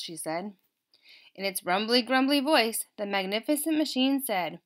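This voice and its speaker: A woman reads a picture book aloud to young children, expressive and engaging, and stops to ask them questions. Her voice is fairly high. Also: a little slow. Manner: expressive, asks listeners questions. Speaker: elementary school teacher. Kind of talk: storybook read-aloud for children.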